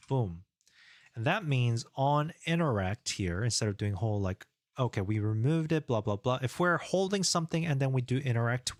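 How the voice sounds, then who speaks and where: A man streaming live as a game developer, thinking aloud in a relaxed, rambling way as he works and chats. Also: mid-range voice, no echo. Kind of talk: casual live-coding stream.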